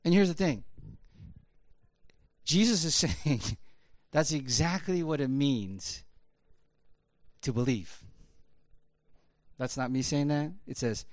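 High-voiced man preaching, animated. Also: slow, pauses often, no room sound, studio quality. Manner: animated, rhetorical, with frequent "right?" asides. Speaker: pastor. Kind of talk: conversational sermon.

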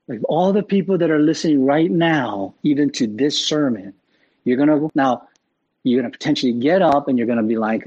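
A man preaching a sermon in a conversational, animated way, often checking in with "right?". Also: medium pitch, fairly quick, slightly rough, muffled recording. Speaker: pastor.

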